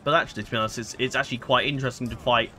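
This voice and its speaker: A man's voice: mid-range voice, steady tone, rapid-fire, sharp tone, slight background noise. A man giving casual let's-play commentary, rambling and hesitant, full of fillers and self-corrections. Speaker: gameplay commentator.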